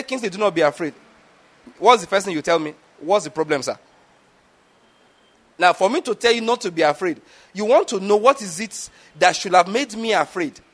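A man with a high, slightly bright voice preaches a teaching sermon, posing rhetorical questions and often checking whether his listeners follow him.

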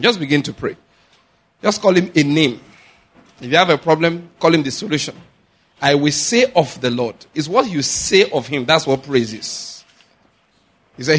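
Husky man preaching. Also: a little high. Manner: animated preaching with pidgin asides and acted-out quotes. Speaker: pastor. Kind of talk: sermon.

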